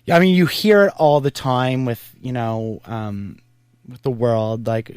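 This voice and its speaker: A man hosts a podcast in casual chat, rambling and thinking aloud with plenty of fillers. His pitch is middling and the sound is dry and close. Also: a little slow, darkish tone, dry recording. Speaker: podcast host.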